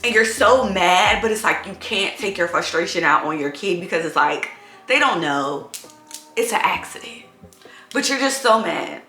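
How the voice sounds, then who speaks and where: A woman's voice: lowish voice, lively intonation, normal speed, pushed and bright, echoey room, faint music behind. A woman who is a single mom chatting casually to camera in a vlog, telling stories in a rambling way full of "like".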